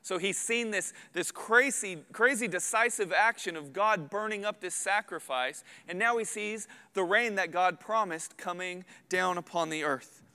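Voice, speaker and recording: Man, thirties, pastor, sermon, earnest, emphatic, smooth resonant voice, slightly high. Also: moderate pace, few pauses. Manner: earnest, builds to loud emphatic peaks. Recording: long hall reverb.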